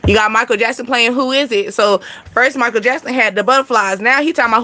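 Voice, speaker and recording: A high-voiced woman, chatting loosely through an astrology reading. Her tone is bright and lively. She laughs a lot, calls her viewers "y'all" and swears offhand. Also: fast. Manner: chatty, laughs often, sings and acts out snippets. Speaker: spiritual reader.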